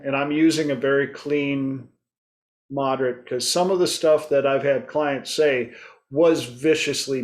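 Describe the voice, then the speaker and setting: A man hosting a casual group discussion, telling stories and acting out his clients' voices. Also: a little high. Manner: storytelling, acts out clients' voices. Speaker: host.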